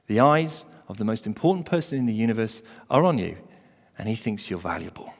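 A man preaching a sermon as pastor, emphatic, building to loud stressed phrases. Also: fairly low pitch, big pitch swings, a little fast. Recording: long hall reverb.

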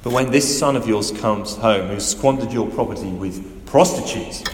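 A man's voice: medium pitch, moderate pace, gravelly, a little hiss or hum, lightly acted. A man preaching as a resentful older brother, a young man airing long-held grievances with a bitter, complaining edge. The sound rings through a reverberant hall.

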